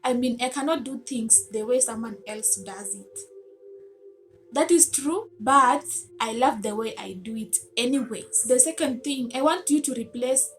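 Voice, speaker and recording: A woman's voice: on the high side, measured pace, soft background music. A woman giving a motivational self-help talk to camera, earnest and coaxing, asking her listeners many rhetorical questions.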